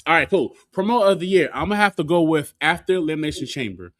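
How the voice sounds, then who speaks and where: A man co-hosting a wrestling podcast in casual chat, lively, laughing often and swearing freely. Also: fairly high pitch, fast talker, no echo, studio quality. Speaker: podcast co-host.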